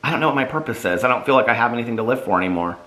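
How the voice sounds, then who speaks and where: A man's voice: mid-range voice, lively intonation, racing, pushed and bright. A man voicing a lost, heartbroken young man who speaks plaintively.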